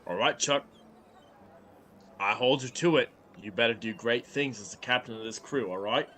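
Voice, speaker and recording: Guy doing a pompous governor, drawly and grand, bright forceful voice. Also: medium pitch, normal speed, slight background noise, natural voice. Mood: grandiose. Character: pompous drawling male governor, tabletop character.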